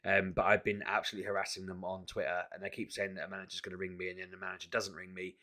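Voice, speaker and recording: A man venting in a casual vlog to camera, exasperated and animated, often restarting his sentences. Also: deep voice, rapid-fire. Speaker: vlogger.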